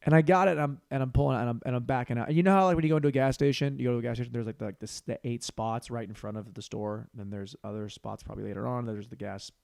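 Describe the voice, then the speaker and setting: A man in his thirties hosts a solo comedy podcast, racing through stories in a mid-range voice with vocal fry and hardly any pauses. He's animated, acts out the other people's voices, and swears freely.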